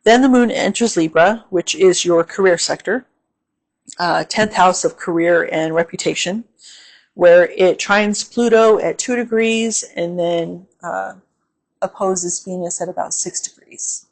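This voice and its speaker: A woman's voice: fairly low pitch, a little slow. A woman giving a casual astrology forecast, chatty, full of fillers, often checking in with "okay?". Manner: repeats gentle safety warnings. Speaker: astrology reader.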